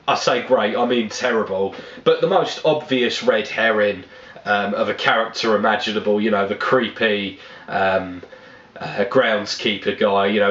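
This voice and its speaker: A man's voice: on the low side, fairly bright tone. Man, casual movie review, blunt and rambling, roomy slightly dull recording. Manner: rambling, blunt, swears freely.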